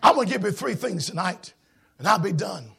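High raspy preacher guy, gravelly, shouting in a singsong way at church. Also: lively intonation, a little fast. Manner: shouting, sing-song preaching cadence. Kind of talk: sermon.

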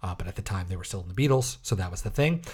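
A man's voice: deep voice, animated, very fast, a little mellow, husky. A man co-hosting a podcast, telling a story in casual chat with wry, offhand asides and plenty of fillers. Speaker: podcast co-host.

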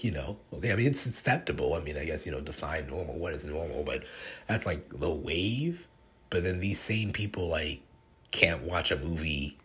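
Very deep-voiced man rambling casually. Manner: profane, rambling, animated asides. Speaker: podcast host, horror writer. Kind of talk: casual podcast monologue.

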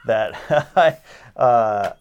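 A man hosting a podcast in casual chat, joking and animated, with plenty of fillers. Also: medium pitch, drawn-out words, clean tone, lo-fi sound. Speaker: podcast host.

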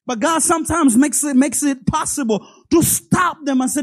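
Animated preacher mid-sermon, repeats words, calls out to the congregation. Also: high voice, normal speed, few pauses, no echo. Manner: animated, stammers and repeats words, laughs between lines; speaks directly to the congregation, acting out God's voice.

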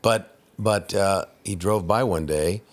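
A man from Canada, a guest voice actor, telling animated anecdotes in casual chat and slipping into impressions. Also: sits low, takes it slowly. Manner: animated storyteller who slips into impressions.

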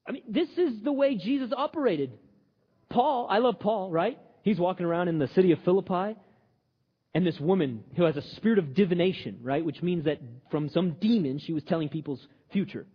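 A man preaching a sermon in a lively, joking, conversational way. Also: high voice, breathy edge. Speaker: pastor. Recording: dull audio with long hall reverb.

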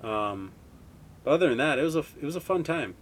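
Talking fairly quickly in a fairly high, expressive voice, a Wisconsin podcast host in his twenties tells meandering stories. His manner is laid-back and full of profanity, a casual storytelling monologue.

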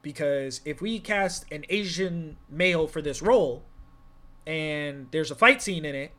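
A man's voice: a little high, expressive, a little slow, bright, forceful tone. A man co-hosting a podcast, talking casually in a rambling, profane way as he thinks aloud. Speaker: podcast co-host.

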